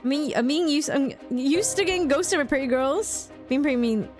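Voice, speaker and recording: A woman's voice: high-pitched, normal speed, faint music behind. A young woman streamer chatting casually and playfully, giggling often as she reacts to chat.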